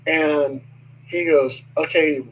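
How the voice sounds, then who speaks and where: An older man, a guest, slowly recounting a personal story in a hesitant way with many pauses. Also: fairly high pitch, steady tone, slight background noise, rough recording. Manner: slow, hesitant with many ums. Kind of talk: storytelling in casual conversation.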